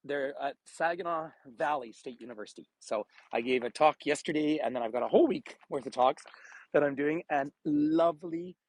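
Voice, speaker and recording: A man's voice: fairly high pitch, a little fast, no room sound, low-quality recording. A man guiding a live walking tour vlog outdoors by a frozen bay, chatty, laughing often and greeting viewers by name, filmed on a phone on a gimbal. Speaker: travel tour guide. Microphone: phone camera on a gimbal.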